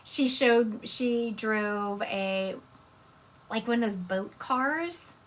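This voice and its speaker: With a Southern accent, this psychic medium talks casually on a live stream in a chatty, rambling way, often correcting herself. Her slightly high, somewhat bright voice draws out words, and there's slight background noise.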